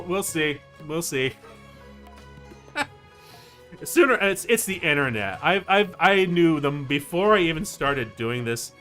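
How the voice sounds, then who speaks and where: Male VTuber streamer, animated delivery, chatty and rambling, faint game music behind. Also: on the high side, a little slow, pauses often. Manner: rambling, excitable, lots of fillers and laughs. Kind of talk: casual livestream chat while gaming.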